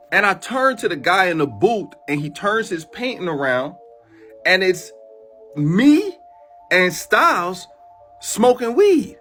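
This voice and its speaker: Man, phone-recorded storytelling, husky voice, profane slang, lively ups and downs. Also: on the high side. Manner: animated, profane street slang, retells a dream with voiced quotes. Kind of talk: casual storytelling to a phone camera.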